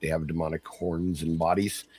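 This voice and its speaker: A man's voice: rumbling low, little pitch movement, moderate pace, a little mellow, slightly rough, no room sound. A man narrating a tabletop game as game master in a descriptive style, with frequent fillers.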